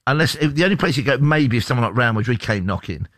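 Male radio co-host, fast-paced teasing banter, dry studio sound, mid-pitched. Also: expressive, fairly bright tone, no echo. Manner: playful, jokey banter. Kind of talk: casual chat.

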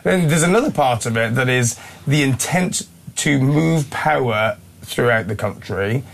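Measured Welsh man on a radio panel. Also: mid-range voice, animated, gravelly. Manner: measured, explains his points step by step. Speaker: panel guest.

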